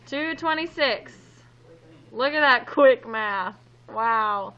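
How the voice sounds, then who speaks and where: A woman's voice: a little high, expressive, slow pace, lo-fi sound. A woman teaching a math class in a classroom, upbeat and playful as she joins in the students' jokes. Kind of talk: classroom lesson.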